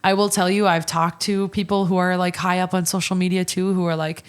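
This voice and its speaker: A woman's voice: on the low side, level tone, fairly quick, clean tone. A woman hosting a podcast, chatting casually and candidly, swearing freely and speaking with animation, with a touch of hiccups. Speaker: podcast host. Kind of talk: casual chat.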